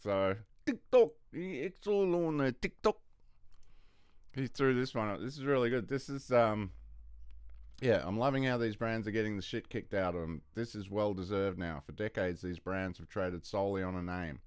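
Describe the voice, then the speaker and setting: A man's voice: on the low side, animated, moderate pace, darkish tone, clean tone, dry recording, clean studio sound. A man hosting a livestream in casual rambling chat, swearing freely and laughing often. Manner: rambling, profane, laughs a lot. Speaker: livestream host.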